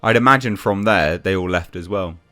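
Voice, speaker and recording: A man's voice: low voice, normal speed, bright, forceful tone, soft background music. A man giving a blunt, exasperated casual review rant, with frequent restarts and swearing.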